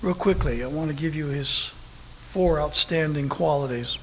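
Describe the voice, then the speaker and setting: A man preaching a sermon at a church service, telling a story with lively, animated delivery that bursts into shouting. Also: a little high, moderate pace. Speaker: pastor. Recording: long hall reverb with faint noise.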